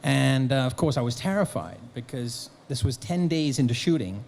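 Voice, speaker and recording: A man at a convention Q&A with a mid-range voice, spinning an animated story in an easy, conversational flow. Faint noise sits under his voice. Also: medium pitch, moderate pace, gravelly. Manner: animated storyteller, acting out quotes. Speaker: guest actor and author. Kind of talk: anecdotal convention Q&A. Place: convention hall.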